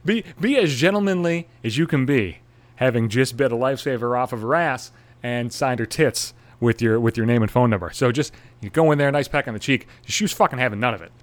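A man's voice: mid-range voice, fairly quick. A young man, a podcast host, telling a crude story in a sarcastic, swear-filled monologue.

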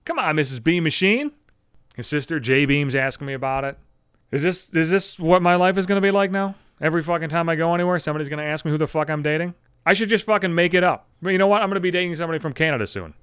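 A man's voice: fairly high pitch, fast, a bit bright, clear, resonant tone, dry recording, clean studio sound. A man in his thirties from the Buffalo area hosting a podcast, ranting in a profane, exasperated and sarcastic casual monologue. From Buffalo area, USA. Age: 30s. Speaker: podcast host.

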